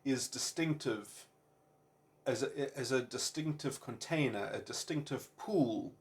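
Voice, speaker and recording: Male commentator in a mid-range voice, solo musing, hesitant and stop-start, wordy and abstract. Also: mid-range voice. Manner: halting, searching for words, many fillers and repeated starts. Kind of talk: unscripted philosophical monologue.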